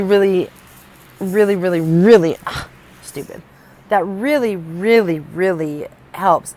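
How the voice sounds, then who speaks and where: A young woman with a fairly low voice speaks straight to the camera in a confessional vlog. She rambles, circles back and restarts her sentences as she opens up about herself. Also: low-quality recording. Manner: candid, rambling, with many restarts. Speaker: vlogger.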